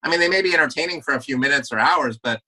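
Podcast guest: earnest man with a very bright, forceful, tense tone who often restarts his sentences. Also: fairly high pitch, rapid-fire, low-quality recording. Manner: earnest, repeats words as he restarts. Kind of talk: casual interview talk.

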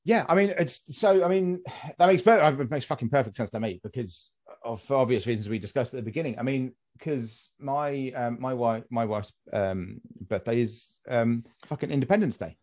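A British man hosting a casual podcast chat, swearing freely and telling anecdotes with quick restarts. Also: mid-range voice, a little mellow. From Britain. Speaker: podcast host.

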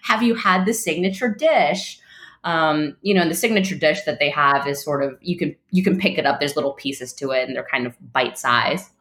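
A woman with a low, dark voice tells an animated story on a casual chat show, laughing often and slipping into the voices of the people she quotes. The sound carries a noticeable room echo. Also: normal speed. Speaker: podcast co-host, restaurant recruiter.

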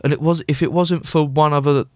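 A man's voice: a little high, fairly quick, no room sound, studio quality. A young man, a podcast co-host, telling stories in casual chat and acting out both sides of an argument. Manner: animated storytelling, acting out both sides of a row.

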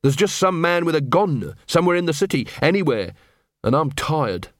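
A man's voice: on the high side, expressive, moderate pace, dry recording, studio quality, voice pushed up, close to an everyday voice. A man voicing an earnest, tired young city watchman who speaks plainly. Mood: weary.

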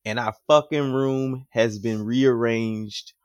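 A young man co-hosting a podcast, telling a childhood story in a lively, profane, casual way. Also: mid-range voice, slow, smooth, no room sound, clean studio sound. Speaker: podcast co-host.

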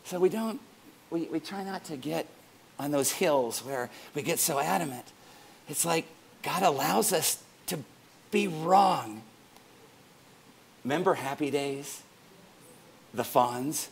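Playful, gravelly middle-aged pastor preaching. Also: male voice, a little high, takes it slowly, pauses often, a little hiss or hum. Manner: playful, joking, animated. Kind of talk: sermon.

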